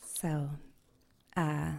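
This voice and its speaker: A woman poet giving a live reading of her poems, soft and measured, with hesitant asides between them. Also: sits low, level tone, gravelly. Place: live reading event before an audience.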